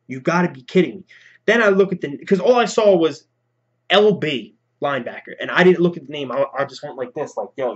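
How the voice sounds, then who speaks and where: Fired-up man ranting, lo-fi sound. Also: fairly high pitch. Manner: animated, profane, repeats himself, talks to viewers. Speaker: fan vlogger. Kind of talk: casual ranting vlog.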